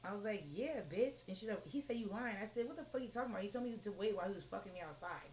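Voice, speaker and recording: Woman talking fast on a podcast, cussing a lot, acting out what people said, little bit of hiss. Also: medium pitch. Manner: animated, profane storytelling with acted-out quotes. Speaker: podcast co-host telling a story. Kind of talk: casual chat.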